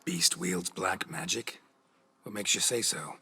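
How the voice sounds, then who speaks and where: Brief: a deep, gruff game monster hunter, terse and weary, bright clipped edge, a little husky. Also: male voice, a little slow, heavily acted. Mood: dry weary. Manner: terse, sighing, understated.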